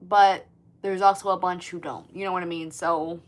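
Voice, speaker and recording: A woman's voice: on the low side, moderate pace. A woman in her twenties hosting a casual livestream, chatting to viewers and reading comments, swearing freely and filling her talk with "like". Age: 20s. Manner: chatty, swears often, lots of "like", animated. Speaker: livestream host.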